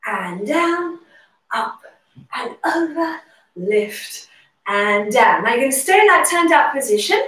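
High-voiced woman calling out pilates counts. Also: sing-song, slow, a bit bright, a little hiss or hum. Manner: cueing moves and counting reps. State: slightly out of breath. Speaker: pilates instructor. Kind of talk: guided workout instruction. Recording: roomy, distant from the mic.

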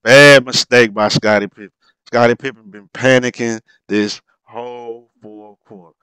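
A man's voice: medium pitch, fairly even intonation, a little slow, sharp tone, clear, resonant tone, no room sound. A man commenting on old basketball game footage, talking informally with frequent exclamations and laughs at mistakes. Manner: informal, drops verb endings. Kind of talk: excited play-by-play commentary over a replay.

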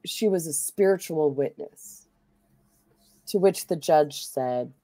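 A woman's voice: sits low, slow, crowd noise. A woman hosting a stream, telling a long story in a chatty, rambling way full of fillers. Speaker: streamer host. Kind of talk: casual chat while playing a game.

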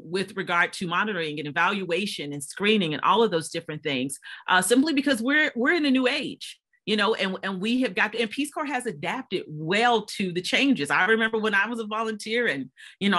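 A woman speaking as a panelist and former volunteer, telling animated stories from her service over a video call. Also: mid-range voice. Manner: animated storytelling, laughs while telling. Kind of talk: panel discussion recollection.

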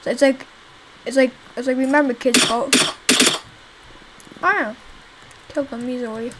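Heavy background noise surrounds a young woman whose voice sits high with fairly even intonation. Playing a zombie game she created, she chats casually to viewers at a moderate pace, drifting into long pauses, rambling and cursing at the zombies.

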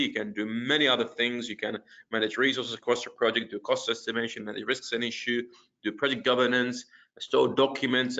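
A man presenting a webinar, walking through a software demo in a casual way, with lots of fillers and restarts. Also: mid-range voice. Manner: casual, many fillers and restarts while clicking through screens. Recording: dull lo-fi webinar audio.

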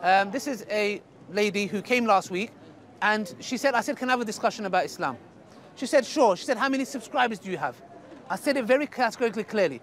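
Quick-talking man, high voice. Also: lively intonation, a bit bright. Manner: quick, halting, conciliatory. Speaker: host, debater. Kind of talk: casual talk to camera. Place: outdoor public park. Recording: crowd noise outdoors.

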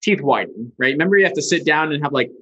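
A man being interviewed as a guest, telling a story with lively energy. He talks casually, swears freely and acts out the people in his story. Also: on the high side, very fast, breathy edge. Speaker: guest, ad agency founder. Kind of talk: animated storytelling. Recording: dull lo-fi sound.

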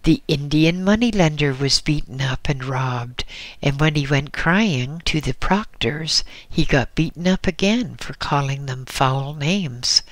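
A man voicing a huge, boisterous Tibetan trader who bellows and booms in a slow story reading. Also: fairly bright tone, no echo. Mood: jovial. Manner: bellowing, booming.

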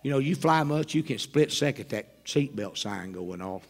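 A man preaching at a revival, telling a story in an animated way with wry, self-mocking humor. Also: mid-range voice, moderate pace, gravelly. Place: church sanctuary.

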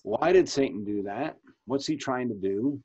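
A pastor in his fifties leads a Bible study over a video call, talking casually and putting questions to the group. His voice is a bit husky, and the muffled, lo-fi call audio dulls it further. He often stops and restarts his sentences. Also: mid-range voice, lively intonation, moderate pace, darkish tone. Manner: conversational, asks questions, frequent restarts. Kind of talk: leading a Bible study discussion.

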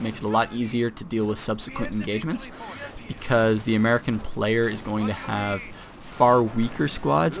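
A young man giving casual, self-deprecating commentary on a strategy game replay, with fillers and restarts. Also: on the low side.

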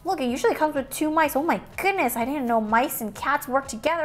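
A woman's voice: high voice, big pitch swings, brisk, few pauses, soft background music. A woman hosting a casual toy unboxing, bubbly and exclaiming as she talks to viewers like friends.

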